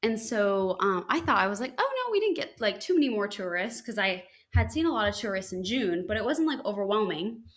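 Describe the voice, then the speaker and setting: A young woman from the United States, a podcast host, casually telling a story with lots of "like" and "um" and bright, high-pitched quoted lines. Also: fairly quick, hardly any pauses. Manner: chatty, animated quotes with high-pitched acted lines, frequent likes and ums.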